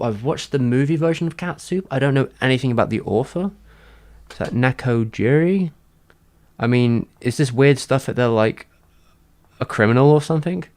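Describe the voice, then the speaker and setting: A man's voice: mid-range voice, expressive, normal speed, a little mellow. A man chatting casually on a livestream, answering his chat in a rambling, hesitant way with many fillers and restarts.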